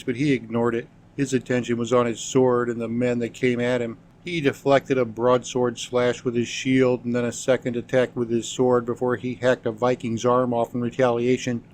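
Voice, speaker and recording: Even-voiced male narrator for a scripted audiobook. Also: mid-range voice.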